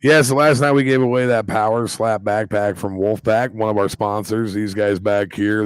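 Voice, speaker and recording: Excitable man hosting a live reaction stream. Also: fairly low pitch, clear, resonant tone, no room sound. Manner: excitable, rambling, quick exclamations.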